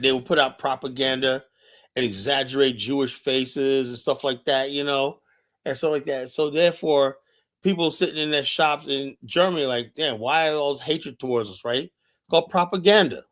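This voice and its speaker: A man's voice: mid-range voice, moderate pace, a bit bright. Urgent, emphatic man on a live stream. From United States. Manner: urgent, emphatic, repeats himself with many fillers. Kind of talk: impassioned monologue commentary.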